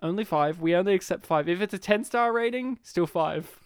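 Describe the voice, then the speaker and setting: A podcast co-host riffs through a casual comedic chat, wandering into rambling and absurd jokey tangents. The voice sits at an ordinary middle pitch and comes across dry and close, with no room sound around it. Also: brisk, clear, resonant tone, no echo.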